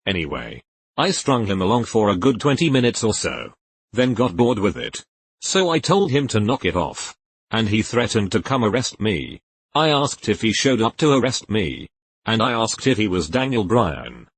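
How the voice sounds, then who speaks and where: A man narrating Reddit posts aloud in a lively, expressive read with jokey asides. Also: lowish voice, normal speed, husky, no room sound.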